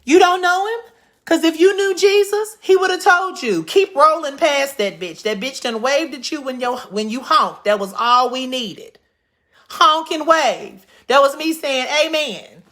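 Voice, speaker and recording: Outdoors in a suburban neighborhood, a woman vlogger tells a comedic storytime rant, brash and profane. She swings between loud outbursts and low mutters, with lively intonation at a measured pace.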